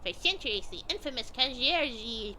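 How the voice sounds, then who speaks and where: A woman streamer reading a game aloud, in an unhurried, lightly amused way. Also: on the high side, animated, pushed and bright, slight background noise. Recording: game music under voice. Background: game music.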